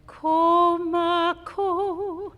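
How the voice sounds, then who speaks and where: A woman's voice: very high voice, flat delivery, very slow, fairly bright tone. A woman chanting a reverent prayer, drawing out every line. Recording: live hall with long reverb.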